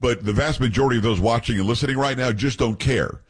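A man's voice: mid-range voice, fast, breathy edge. A man hosting a talk radio show, reading news aloud with blunt opinions and joking asides to his co-hosts.

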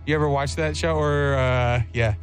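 A man hosting a radio show, telling a story in casual banter, animated and playful, slipping into silly voices. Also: medium pitch, normal speed, faint music behind.

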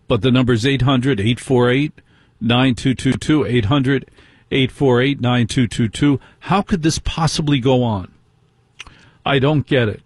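A middle-aged male talk radio host with a husky voice and a dry, close sound. He talks in an indignant way and keeps firing rhetorical questions at his listeners. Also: medium pitch, no echo. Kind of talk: call-in talk radio monologue.

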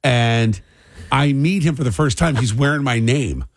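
Speaking at a moderate pace in a mid-range voice, this middle-aged morning radio host tells rambling stories and rants in an animated way. The recording is dry, and the talk is typical morning show banter and commentary.

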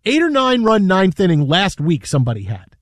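A man's voice: sits high, wildly swooping pitch, a little fast, no echo, clean studio sound. A man co-hosting a sports radio show, talking casually and rambling with restarts and repeated words.

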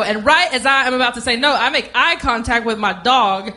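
A woman from North Carolina with a Southern US accent, telling quick, animated stand-up stories. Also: a little high. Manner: animated storytelling with quick asides. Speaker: stand-up comedian. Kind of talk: stand-up comedy. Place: comedy club stage. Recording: noisy live stage recording.

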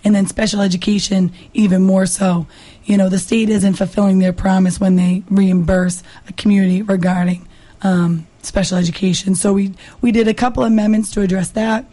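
A hoarse woman from Massachusetts with a raspy voice, a state representative talking earnestly as a guest in a radio interview, with many fillers and restarts. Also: medium pitch, flat delivery, a little fast, warm tone. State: hoarse, lost her voice.

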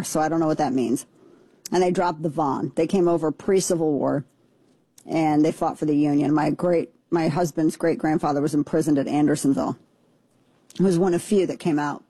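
Casual chat, middle-aged woman from missouri, dark husky voice, talks animated and laughs a lot. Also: fairly low pitch, no echo. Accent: Southern Missouri. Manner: chatty storyteller, animated and laughing. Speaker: talk show co-host.

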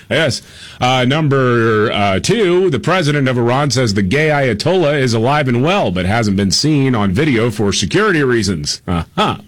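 A man co-hosting a radio show, reading the day's top stories in a casual way with frequent "uh" pauses and laughs. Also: mid-range voice, lively intonation. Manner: laughs often, many "uh" pauses while reading headlines. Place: radio studio.

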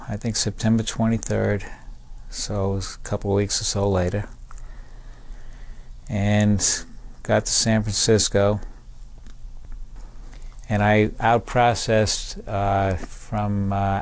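A man's voice: lowish voice, darkish tone. Older man telling his life story. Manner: measured, reflective, with small restarts. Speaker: veteran storyteller. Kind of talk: personal storytelling.

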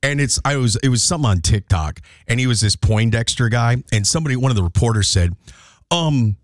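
A man's voice: medium pitch, expressive, brisk, dry recording, clean studio sound. A man hosting a morning radio show, talking bluntly and laughing often.

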